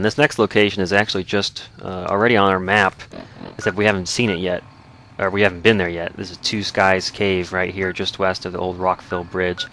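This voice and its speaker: A man's voice: deep voice, a bit bright. A man hosting a let's play, giving easygoing, rambling gameplay commentary. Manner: easygoing, rambling, self-correcting.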